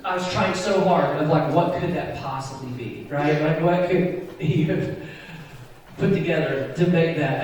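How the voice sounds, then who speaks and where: A man in his forties, a Christian musician, telling an animated story to a live audience and often asking "right?" along the way. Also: fairly high pitch, normal speed, slight background noise. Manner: animated, chatty, keeps checking in with "right?". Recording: echoey hall picked up from far off.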